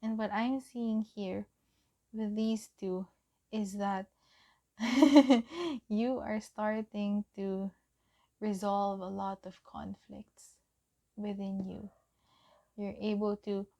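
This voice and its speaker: A young woman from the Philippines giving a gentle pick-a-card tarot reading, often dropping to a whisper. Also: mid-range voice. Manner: gentle, soft-spoken, often drops to a whisper. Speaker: tarot reader.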